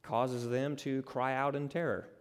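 A man preaching an expository sermon, conversational and dramatic, building to loud emphatic peaks. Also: mid-range voice, flat delivery, a little slow. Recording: long reverb of a large hall.

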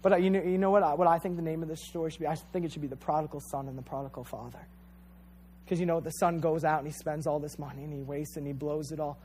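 A man's voice: a little high, flat delivery, fast talker, darkish tone, a little hiss or hum. A man preaching a sermon in an earnest, emphatic way. He repeats phrases and speaks directly to his listeners. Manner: addresses listeners directly as "you guys".

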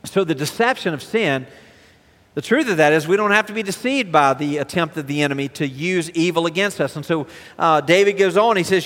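A man preaching a sermon as pastor, animated, asking the congregation rhetorical questions. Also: high voice, moderate pace, long reverb tail.

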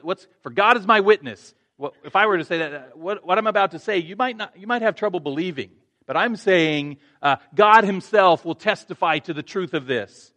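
A man's voice: on the high side, fairly bright tone. A male pastor preaching a sermon, earnest, restarting phrases and rising to emphatic points.

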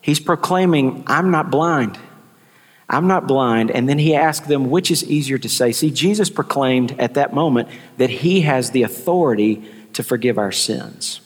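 A man's voice: medium pitch, moderate pace. Male pastor preaching in a reverberant hall. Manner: repeats key lines, voices the people in the story. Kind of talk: sermon.

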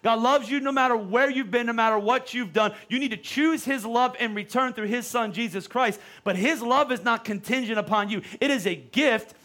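High-voiced pastor preaching casually. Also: male voice, moderate pace, hardly any pauses, sharp tone. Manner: conversational preaching with many repetitions and restarts. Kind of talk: sermon. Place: church.

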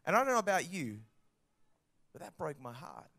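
A man in his thirties with an Australian accent, preaching a sermon and telling stories with lively acted-out quotes. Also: on the high side, moderate pace, gravelly. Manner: animated storytelling with acted-out quotes. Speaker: pastor.

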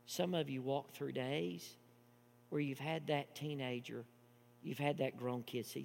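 A man preaching a sermon, moving between hushed storytelling and loud, impassioned preaching. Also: mid-range voice, steady tone, a little slow, vocal fry. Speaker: pastor. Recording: long hall reverb with mains hum.

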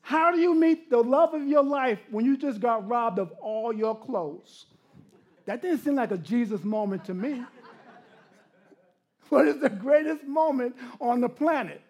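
A middle-aged man preaching a sermon, telling personal stories with frequent laughter and sliding from animated bursts into hushed, intimate passages. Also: very high-pitched, unhurried, highs cut off. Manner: animated storytelling that drops to hushed, intimate tones. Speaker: pastor.

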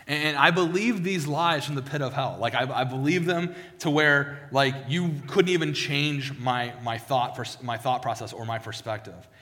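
A man's voice: mid-range voice, moderate pace, bright, forceful tone. A male pastor giving a sermon with a personal testimony, talking conversationally with frequent restarts and repeated words. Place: church sanctuary. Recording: long hall reverb.

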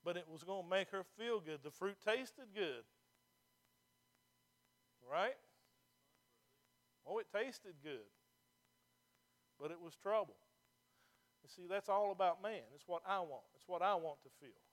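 A man's voice: high voice, lively intonation, measured pace, pauses often. A male pastor preaching a sermon to his congregation in a church, emphatic and throwing rhetorical questions at the listeners.

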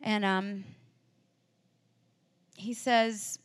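A woman delivers a sermon in an earnest, conversational way. Her voice sits at a middle pitch for a woman. She talks through the story as if speaking with friends. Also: a little slow, fairly bright tone. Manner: earnest, acts out the disciples' and Mary's feelings in quoted voices; conversational, with fillers and restarts. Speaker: preacher.

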